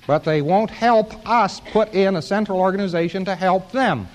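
A man's voice: sits high, normal speed. An American man giving an informal lecture to an audience, with a wry, joking, rambling delivery.

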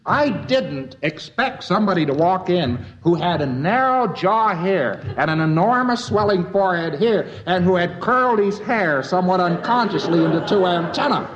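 A man lecturing with wry, folksy asides and a rambling, storytelling flow. His voice sits a touch high for a man. It comes through a dull, lo-fi old recording. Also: lively intonation, normal speed, hardly any pauses. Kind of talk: lecture to a live audience.

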